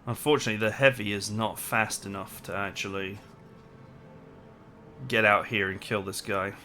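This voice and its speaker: Male let's-play commentator, lowish voice, casual and reactive, over game music. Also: fairly even intonation, moderate pace, pushed and bright. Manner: casual, reacting aloud to gameplay. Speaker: gaming commentator.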